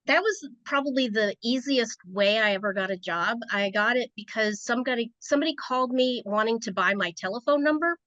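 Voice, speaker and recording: A woman's voice: on the high side, brisk, hardly any pauses, fairly bright tone, no room sound. A woman from Rhode Island, a podcast guest, telling stories in a chatty, casual way. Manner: chatty, storytelling. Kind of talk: casual interview chat. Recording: dry, dull lo-fi sound.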